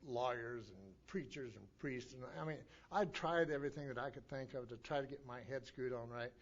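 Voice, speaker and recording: A man's voice: mid-range voice, fairly quick. A middle-aged man from Montana tells his own recovery story at a meeting, in a folksy storytelling way full of restarts and stammered repeats. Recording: dull lo-fi tape recording.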